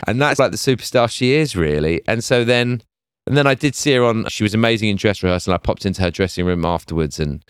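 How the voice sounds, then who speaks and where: A middle-aged man, an executive producer telling lively behind-the-scenes stories in an interview. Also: lowish voice, fast, smooth, no room sound, clean studio sound. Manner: lively storyteller acting out quoted voices. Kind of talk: animated anecdotal interview.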